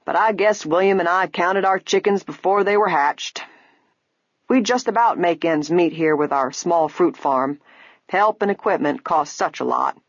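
Woman reader as a plain gray-haired farmer; husky, dry, lo-fi. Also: fairly low pitch, moderate pace, no room sound. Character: tall, gray-haired man, a modest fruit farmer. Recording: dull, lo-fi, dry.

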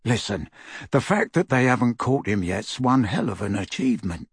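A man's voice: medium pitch, very animated, moderate pace, breathy edge, dry recording, clean studio sound, exaggerated voice. A man voicing a blunt, frank middle-aged wizard in a storybook reading, confiding and scornful.

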